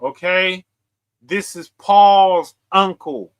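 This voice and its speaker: A man preaching forcefully to his viewers, confrontational and full of slang. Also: high voice, very slow, clean tone. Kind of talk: street preaching livestream.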